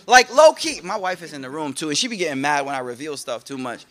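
Guy giving a casual pep talk to a crowd, high bright voice, jokey, acts out stories. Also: fairly quick. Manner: animated storytelling with jokes and quoted voices. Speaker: speaker giving a talk to an audience.

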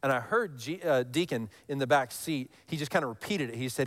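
A man in his thirties preaching a sermon, telling stories with animated highs and dropping to a hush for scripture lines. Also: fairly quick. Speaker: pastor.

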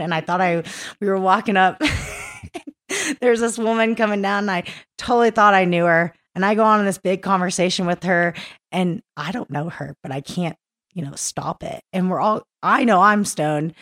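A woman from East Texas, a climbing guide, telling stories as a podcast guest with lots of laughter in a rambling, animated way. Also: lowish voice. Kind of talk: casual podcast chat. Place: recorded in a mountain town in Colorado.

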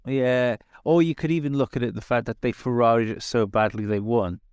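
Podcast co-host, man, mid pitch, hesitant and restarting, dry close sound. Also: fairly even intonation, a little fast, a little mellow, clean tone, no room sound. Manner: hesitant, restarts, thinks aloud. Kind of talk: casual chat.

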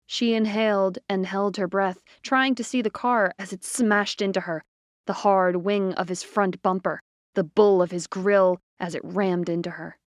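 A woman narrating a short story in a measured, expressive reading. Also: mid-range voice, no room sound, clean studio sound. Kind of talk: scripted fiction narration.

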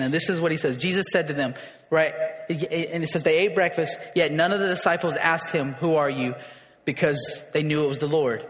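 Male pastor, high voice, impassioned sermon delivery, roomy hall reverb. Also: fairly quick. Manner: emotional, building to shouts. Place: church hall. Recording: echoey hall.

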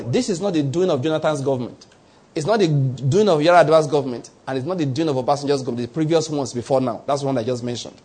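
A man's voice: high-pitched, darkish tone, breathy edge. A man preaching a sermon, posing rhetorical questions to his congregation. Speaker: pastor.

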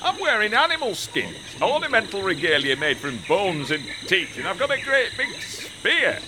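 A man with a Yorkshire accent performing blunt, gruff comedy sketch characters. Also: high-pitched, very animated, moderate pace, noisy background.

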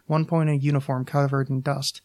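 A podcast host reading his own short story aloud in an even, measured way. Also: mid-range voice.

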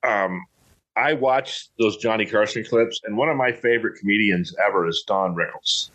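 A middle-aged man with a fairly low voice chats in a loose, folksy way. He rambles and restarts his sentences often. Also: moderate pace, a bit bright. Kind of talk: casual chat.

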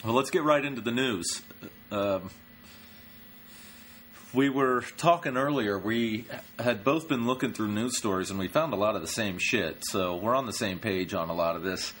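A man's voice: on the low side, normal speed, fairly bright tone, a little hiss or hum. A man, a stand-up comedian hosting a podcast, chatting in a blunt, profane way with dismissive asides. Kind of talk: casual chat.

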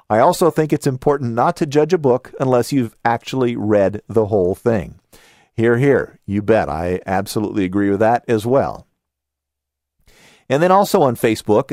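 A man with a Southern California accent talks through a book review in a relaxed, conversational way. His pitch rises and falls a lot as he reads listener comments and adds his own remarks. The sound is dry and close, with no room echo. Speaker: podcast host. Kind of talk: casual book review talk.

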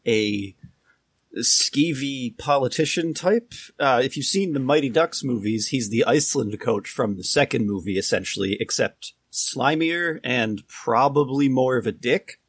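A man's voice: medium pitch, animated, a little slow, husky, no echo. A man playing in a tabletop game podcast, speaking in a hesitant, wry way. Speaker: player. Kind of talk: casual podcast banter.

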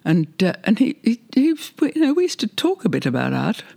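A man's voice: sits high, huge pitch swings, brisk, creaky, mellow. An older man being interviewed, reminiscing in a rambling, hesitant way with frequent laughs. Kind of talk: reminiscing conversation.

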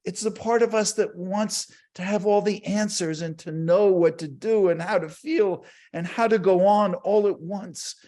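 A man, older, giving a slow, reflective and earnest conference talk about grief and self-care. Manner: slow, reflective and earnest, dropping low for quiet moments.

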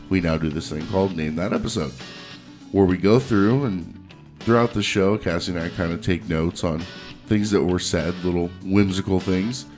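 A male podcast host telling profane stories in casual chat, laughing as he goes. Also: deep voice. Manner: profane, animated, laughs between lines. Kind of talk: casual crude storytelling.

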